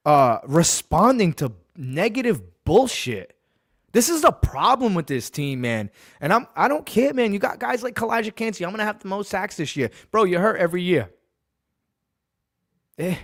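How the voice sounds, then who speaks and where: A man's voice: sits high, no echo, clean studio sound. A man from Massachusetts hosting a sports podcast, ranting bluntly and profanely and hammering his points home by repeating them.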